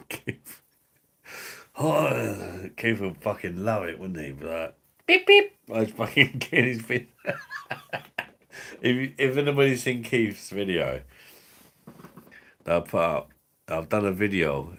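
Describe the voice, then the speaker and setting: A man hosting a live stream, reading out chat comments in crude, sweary banter and laughing often. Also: sits low. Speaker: livestream host.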